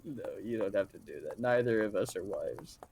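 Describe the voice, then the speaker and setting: A man's voice: on the low side, normal speed, creaky, darkish tone, slight background noise, rough recording. A man chatting casually over voice chat while playing a game with a friend, laid-back, chuckling often and restarting his sentences. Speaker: streamer's friend and co-player.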